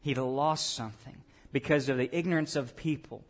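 A pastor preaching a sermon in a conversational way, tossing questions and asides to the congregation. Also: male voice, mid-range voice, moderate pace.

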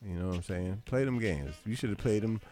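A man's voice: lowish voice, fairly quick, mellow, soft background music. A man co-hosting a radio show, trading teasing banter about sports. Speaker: radio co-host. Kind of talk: casual sports chat.

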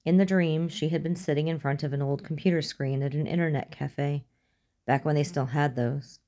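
Low-voiced woman narrating a story. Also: fairly even intonation, normal speed, mellow. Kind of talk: audiobook narration.

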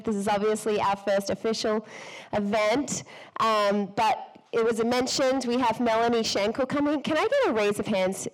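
A woman hosting a live church women's event, slightly hoarse from a cold, bubbly and effusive, laughing often as she speaks to the audience on a stage mic. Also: medium pitch, poor audio. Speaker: event host. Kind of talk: enthusiastic welcome speech to a live audience. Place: event hall before an audience.

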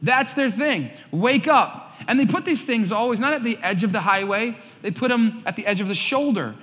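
High, bright-voiced male pastor preaching. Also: brisk. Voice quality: animated storyteller, acts out quoted voices. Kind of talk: sermon. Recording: reverberant hall sound.

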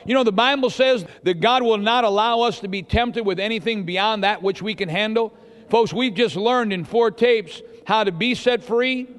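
High-voiced preacher in a reverberant hall. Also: male voice. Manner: lively preaching, acts out quoted voices, quizzes the congregation. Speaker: pastor. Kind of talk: sermon. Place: church hall with long reverb. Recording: long hall reverb in a church.

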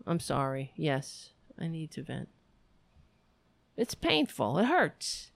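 Her voice is low and gravelly, swinging widely in pitch as she slowly rambles through a stream sign-off. The livestream host vents affectionately to her viewers in casual chat, recorded dry.

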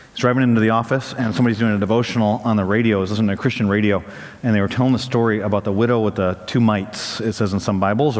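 A male pastor preaching a sermon, telling stories in a conversational way and building to emphatic peaks. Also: fairly low pitch. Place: church sanctuary. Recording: long reverb of a large hall.

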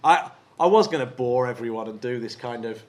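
Chatty, excitable man co-hosting a podcast. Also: medium pitch, fairly quick. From England. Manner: chatty, excitable, laughs often. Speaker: podcast co-host. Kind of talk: casual chat.

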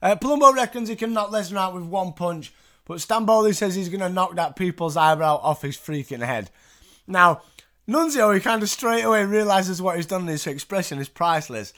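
A man's voice: high voice, lively intonation, a little fast, bright, forceful tone. A man hosting, casually recapping wrestling with chatty asides and swearing. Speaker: podcast host.

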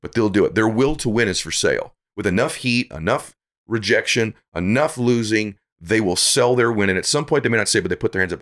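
A man's voice: lowish voice, expressive, fairly quick, a bit bright. A middle-aged man speaking as a podcast guest, giving earnest, preachy motivational talk that builds to emphatic peaks.

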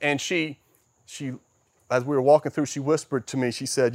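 A middle-aged man preaching a sermon as a pastor, emphatic, swinging between loud stresses and soft, quiet passages. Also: mid-range voice, fairly even intonation, normal speed, no echo.

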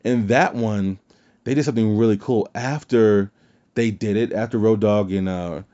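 Man, podcast host, casual chat, swears freely, mellow, dull lo-fi recording. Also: fairly low pitch, normal speed. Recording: dull lo-fi sound.

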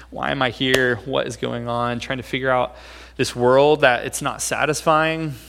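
A male preacher with a gravelly, fry-edged voice talks through a sermon in a relaxed, conversational way. He keeps checking in with his listeners by asking "right?". His voice rings out with a long reverb from a church hall. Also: mid-range voice, measured pace.

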